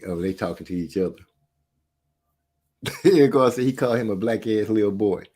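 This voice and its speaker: A man telling a story in casual podcast chat, slangy and animated, often laughing between lines. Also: lowish voice, moderate pace.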